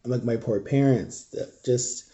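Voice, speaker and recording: Grieving man with a very dark voice. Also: medium pitch, slight background noise. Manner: halting and raw, often dropping to a near whisper. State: grieving, shaken. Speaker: vlogger. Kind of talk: emotional storytime vlog.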